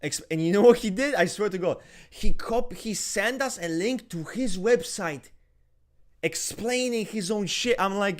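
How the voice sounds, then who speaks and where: A married man co-hosting a podcast, talking loudly and swearing a lot as he rants in casual chat. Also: high voice, a little slow. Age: adult, married. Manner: loud, swears a lot, animated ranting. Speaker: podcast co-host.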